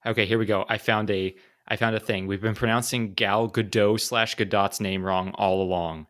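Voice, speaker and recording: A young man co-hosting a podcast, tossing out jokes and quick reactions and sometimes reading aloud. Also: fairly low pitch, steady tone, fairly bright tone. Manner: joking, quick reactions, reads aloud from articles. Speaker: podcast co-host. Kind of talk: casual chat.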